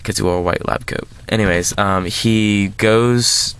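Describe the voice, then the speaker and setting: Man, casual movie review host, rambling, many fillers, deep smooth voice. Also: steady tone, a little slow, a bit bright. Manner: rambling, lots of filler words and restarts.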